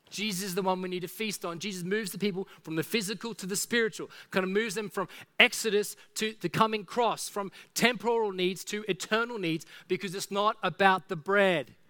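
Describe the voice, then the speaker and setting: A man preaching a sermon in an earnest style, often dropping soft and low for his appeals. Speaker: pastor.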